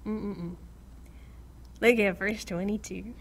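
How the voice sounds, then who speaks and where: A middle-aged woman leads a small-group Bible study, reading scripture aloud and acting out quotes while laughing often. Her animated voice sits in the mid range and moves at a slow pace, with a little hiss or hum in the background.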